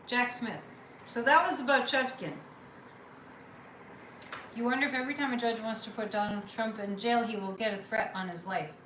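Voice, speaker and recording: A woman's voice: on the high side, fairly even intonation, normal speed, long pauses, fairly bright tone, roomy sound, a little hiss or hum, rough recording. A woman hosting a psychic livestream, chatting casually, reading viewer comments and repeating phrases for emphasis.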